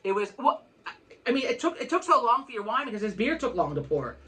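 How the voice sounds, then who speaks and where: A woman's voice: fairly high pitch, big pitch swings, quick pace, sharp tone. A woman co-hosting a podcast, telling a long story in casual chat, frank and swearing freely with many restarts. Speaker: podcast co-host.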